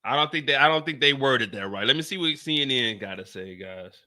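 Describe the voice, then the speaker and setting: A man's voice: medium pitch, lively intonation, fairly quick, bright, forceful tone. A young adult man streaming live, reacting to news updates with incredulous laughter and casual slang, then reading the updates aloud. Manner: reads updates aloud plainly.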